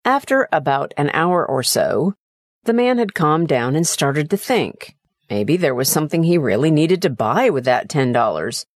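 Low-voiced lady reading a story out, lots of ups and downs, dry sound. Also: dry recording. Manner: expressive, dramatic reading. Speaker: narrator. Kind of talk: storytelling narration.

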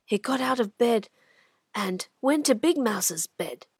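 A woman hosting and narrating a children's radio drama, animated and dropping to whispers for suspense. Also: fairly high pitch, slow, gravelly, over loud music. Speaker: narrator and host. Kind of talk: expressive children's story narration.

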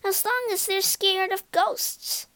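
A woman's voice: medium pitch, huge pitch swings, drawn-out words, clear, resonant tone, no room sound, heavily acted. A woman voicing a greedy, eager male ghost in a storybook reading, grumbling and keen.

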